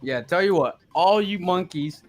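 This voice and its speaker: A man chatting casually on a live audio space, animated and mocking complainers in put-on voices. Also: high voice, a little slow, faint music behind. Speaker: crypto project team member.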